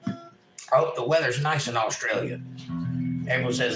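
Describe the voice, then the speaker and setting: A man's voice: mid-range voice, lively intonation, fairly quick, echoey room, over music, poor audio. A man hosting a casual livestream at home, reading chat messages aloud and joking with puns.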